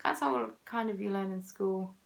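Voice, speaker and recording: A Southern English woman in her twenties, from southern England, chats casually as she knits, responding to viewer comments with self-mocking humor. Her voice sits at medium pitch with vocal fry, and she talks at a normal speed. She's a craft vlogger.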